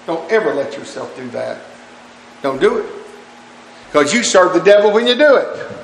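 Man, preacher, sermon, gravelly voice, slightly high pitch, long church hall reverb. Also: very animated, moderate pace, slight background noise. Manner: fervent, rhetorical questions, repeats phrases.

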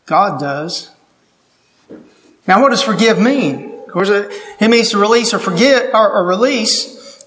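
A man preaching a sermon, earnest and emphatic, putting questions to his listeners. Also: high voice.

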